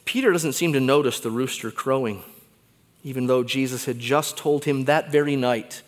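A man's voice: medium pitch, normal speed. Preaching man in a reverberant church. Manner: conversational, animated preaching with wide swings in loudness. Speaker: pastor. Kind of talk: sermon.

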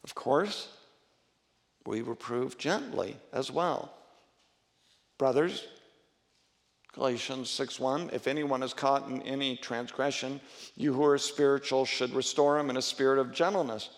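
A man's voice: mid-range voice, unhurried, creaky, long pauses. Preaching man in a reverberant church hall. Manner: earnest, conversational preaching with frequent restarts and rising emphasis. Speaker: pastor. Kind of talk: sermon.

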